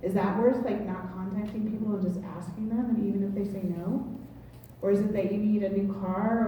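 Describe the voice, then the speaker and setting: Animated woman giving a pep talk. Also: mid-range voice, a little hiss or hum. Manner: animated storytelling, laughs often. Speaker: team leader presenting. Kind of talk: motivational sales talk. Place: meeting room with audience. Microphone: far from the mic. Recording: echoey room from far off.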